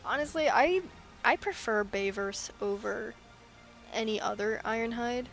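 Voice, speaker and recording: A woman's voice: fairly high pitch, measured pace, creaky, fairly bright tone, faint music behind. A woman chatting casually while she draws, rambling and giggly with self-deprecating asides. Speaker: artist drawing on stream. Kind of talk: casual chat while drawing.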